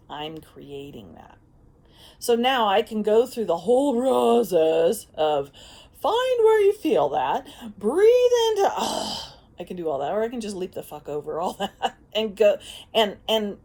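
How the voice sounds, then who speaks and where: A self-help vlogger gives a casual spoken monologue, animated and frank, swearing freely and laughing often. She has a mid-range voice.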